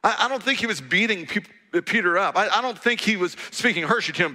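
A man preaching a sermon, telling stories with humor and lively animation. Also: high voice, brisk, big-room sound. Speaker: pastor.

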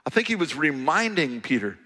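A man preaching a sermon, telling stories with humor and lively animation. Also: a little high, a little fast, long reverb tail. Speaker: pastor.

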